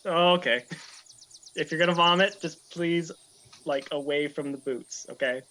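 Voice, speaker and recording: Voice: medium pitch, measured pace, sharp tone, slight background noise. A player at a tabletop game, making jokes and laughing often. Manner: joking, laughing.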